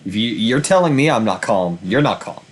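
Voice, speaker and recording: A man's voice: on the low side, expressive, normal speed, noisy background. A man hosting a let's-play, talking in a frustrated, rambling way and swearing often. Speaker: gaming channel host. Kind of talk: casual let's-play commentary.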